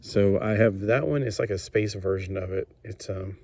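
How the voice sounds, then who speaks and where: A man talks through a vintage comic book in a relaxed, rambling way. He is eager and fond of his subject, with plenty of fillers. His voice sits a bit low. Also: moderate pace, no room sound. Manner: chatty and enthusiastic, many fillers. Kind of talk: casual video review.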